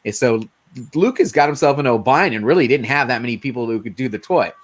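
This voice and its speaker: Animated man hosting a late-night chat. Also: mid-range voice, quick pace. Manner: loose, animated storytelling with acted-out quotes. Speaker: host.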